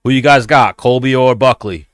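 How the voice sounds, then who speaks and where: A man's voice: medium pitch, normal speed, clear, resonant tone, no room sound. Loose, rambling man chatting dry. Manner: rambling, loose and profane, addresses viewers. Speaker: host. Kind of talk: casual fight watch-along chat.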